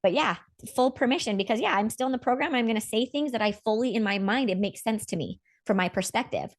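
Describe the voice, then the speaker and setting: A woman's voice: fairly high pitch, fast talker. A woman hosting a casual spiritual chat, talking in an earnest, rambling way about feelings and growth. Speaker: podcast host.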